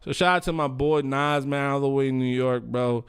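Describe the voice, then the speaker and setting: A man's voice: medium pitch, steady tone, moderate pace, smooth. A man hosting a livestream, chatting casually slang, swearing and rambling. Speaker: livestream host.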